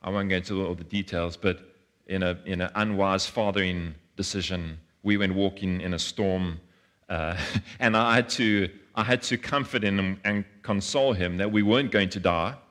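A man's voice: low-pitched, normal speed, a bit bright. A man, preaching a sermon in an earnest way, often repeating words and acting out voices. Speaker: pastor.

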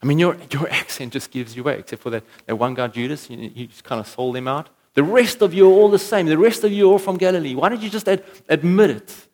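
A man voicing a pushy young male bystander who teases and presses someone in quick, casual talk during a sermon retelling. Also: medium pitch, steady tone, natural voice. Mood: teasing.

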